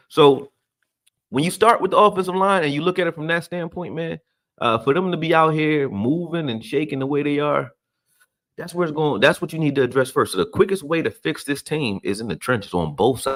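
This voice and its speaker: A man giving a loose, profane football rant, blunt and full of slang. His pitch swings widely as he gets worked up, climbing high and then sinking low. He talks straight at you, like a fan breaking down game film. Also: animated, fairly quick, a bit bright. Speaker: sports commentator.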